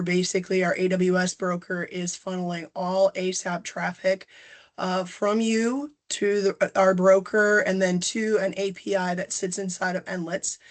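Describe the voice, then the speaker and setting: A middle-aged woman giving a webinar presentation over a video call, a little nasal and congested from a cold, casual, with frequent ums and self-corrections. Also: fairly low pitch. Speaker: presenter, company general manager.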